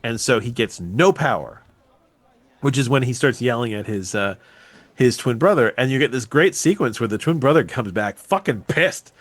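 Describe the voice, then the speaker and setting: A man's voice: mid-range voice, moderate pace, no room sound. A man on a podcast tells a film's plot with swearing and lots of enthusiasm. His voice swings widely up and down as he gets into the story. The sound is close and dry, with no room around it. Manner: animated, profane storytelling. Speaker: podcast host. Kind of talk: casual film recap.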